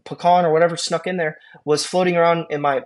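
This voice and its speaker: A man teaching an emergency medicine class, talking casually with quick asides and questions to his students. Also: on the high side, flat delivery. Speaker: EMS instructor. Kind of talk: classroom lecture.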